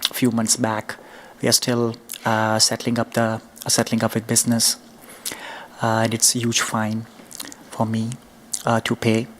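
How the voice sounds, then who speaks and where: A business owner politely and apologetically pleading his case before a city board. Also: medium pitch. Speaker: business owner appealing a fine. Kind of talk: public comment at hearing.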